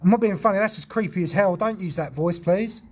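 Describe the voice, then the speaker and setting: Husky, high-voiced man. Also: brisk, darkish tone. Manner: chatty, jumpy, swears when startled. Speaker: ghost-hunting livestreamer. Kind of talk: casual livestream chat.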